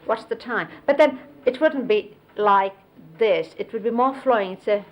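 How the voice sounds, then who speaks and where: A woman recalling memories in an unhurried storytelling way, explaining and demonstrating hand gestures as she goes. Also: mid-range voice, low-quality recording. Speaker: close companion recounting memories of a spiritual teacher. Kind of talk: reminiscing storytelling. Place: 1970s videotaped sit-down interview.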